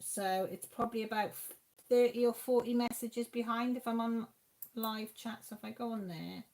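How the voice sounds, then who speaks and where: A woman hosts a craft live stream from home, chatting casually, reading the chat's comments, and exclaiming aloud to her audience. She speaks at normal speed in a slightly high, slightly mellow voice with a steady tone.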